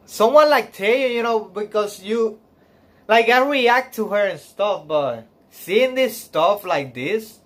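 A man's voice: high-pitched, lively intonation. Emotional man gushing on a stream. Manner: emotional, gushing, close to tears; halting, filler-heavy speech with sighs and laughs. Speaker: reaction streamer. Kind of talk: live stream reaction.

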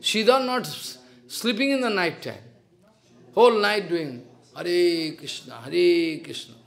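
A man's voice: sits high, takes it slowly, creaky. A man with an Indian accent, a spiritual teacher telling a devotional story in simple, broken English and acting out the dialogue.

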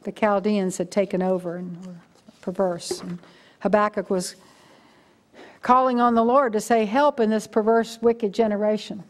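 A woman's voice: medium pitch, steady tone, normal speed. Older woman preaching a sermon. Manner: conversational storytelling preaching. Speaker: guest preacher.

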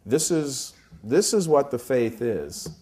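A medium-pitched, warm male voice, very animated yet taking things slowly, belongs to a Catholic speaker in his fifties. His preaching talk is emphatic and impassioned, full of anecdotes.

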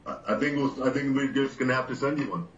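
A man's voice: mid-range voice, fast. A man guesting as a band member on a radio interview, easygoing and agreeable. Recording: roomy, distant, dull sound.

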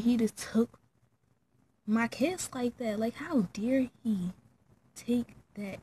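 A woman's voice: on the high side, slow pace, dark tone, a little hiss or hum, poor audio. Chatty slangy young woman vlogger. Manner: slangy, chatty, filler-heavy. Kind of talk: casual storytelling to camera.

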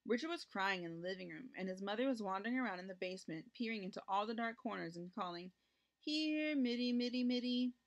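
A woman reading a children's picture book aloud, narrating gently and lifting her voice for the characters' lines. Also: mid-range voice, fast, creaky, hardly any pauses, lo-fi sound. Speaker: storybook reader.

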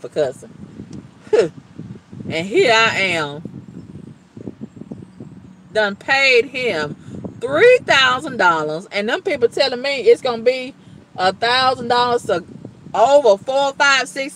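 Emphatic woman venting with a lively pitch. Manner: emphatic, exasperated storytelling with repeated exclamations; colloquial, blunt talk with cussing. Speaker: vlogger. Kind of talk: venting monologue to camera.

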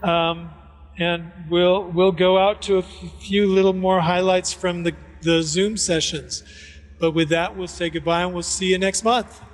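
A man's voice: high-pitched, steady tone, unhurried, in a large hall. A man hosting a podcast, thanking the crew and signing off in a loose, slightly rambling way from a room full of screens. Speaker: podcast host. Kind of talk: casual sign-off.

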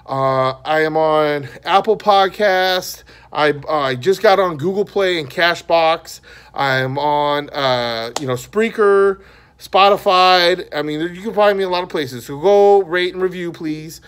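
Rambling man with a slightly high voice. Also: unhurried, fairly bright tone, clear, resonant tone. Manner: rambling and conversational. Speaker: podcast host. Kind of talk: casual movie review monologue.

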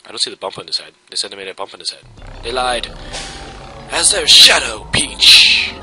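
Wry low-voiced game commentator. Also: male voice, lively intonation, racing, over music, low-quality recording. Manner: wry, joking. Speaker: let's play commentator.

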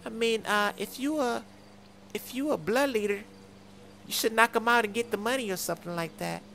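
A man doing casual game role-play, talking loudly and excitably, stammering and pleading. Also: high-pitched, normal speed, gravelly, a little hiss or hum, rough recording.

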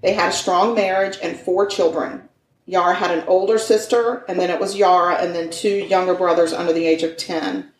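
Woman, fairly low voice, chatty true-crime storyteller, echoey room. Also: fairly even intonation, moderate pace, far from the mic, slight background noise. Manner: chatty, folksy asides, stumbles over names. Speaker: podcast co-host.

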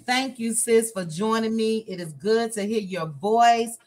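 Livestream host, woman from Chicago, lively and playful, higher voice. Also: a little slow. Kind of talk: casual chat, reading viewer comments.

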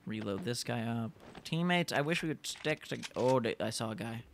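A young man giving chatty, excitable live commentary while playing a multiplayer game. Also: mid-range voice, moderate pace, a little hiss or hum. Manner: excitable, chatty, reacts loudly to the action. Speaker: gaming YouTuber.

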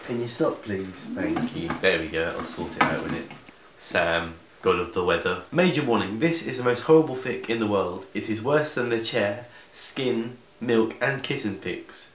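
Young man reading a story aloud, sarcastic asides, lowish voice, echoey room. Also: normal speed, a bit bright, slight background noise. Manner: sarcastic, interrupts himself with asides. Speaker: vlogger. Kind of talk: comedic fan fiction reading. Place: room in grandparents' house.

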